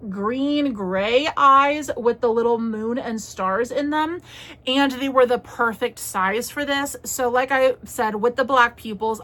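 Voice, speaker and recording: A young woman talks in a chatty, rambling way as she hosts her crochet vlog. Her voice is bright and sits a little high, with a crisp edge. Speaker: crochet vlogger. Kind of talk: casual chat.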